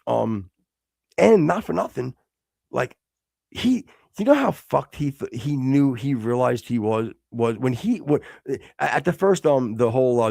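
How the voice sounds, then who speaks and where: A man's voice: mid-range voice, lively intonation, unhurried, creaky, a little mellow, no room sound, clean studio sound. A man hosting a podcast, telling a heated, profane story in casual chat and acting out both sides of an argument. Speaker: podcast host. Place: studio.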